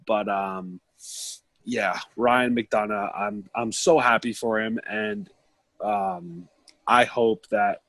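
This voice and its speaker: A man's voice: on the low side, fairly even intonation, takes it slowly, fairly bright tone, no echo. A young man co-hosting a casual podcast from a basement, rambling and emotional with a joking streak. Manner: rambling, emotional, jokey storytelling. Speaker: podcast co-host.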